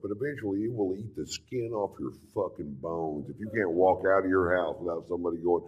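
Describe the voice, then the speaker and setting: A man's voice: deep voice, a little fast, hardly any pauses, slightly rough. A middle-aged man doing stand-up, telling a long story in a laid-back, profane drawl. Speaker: stand-up comedian.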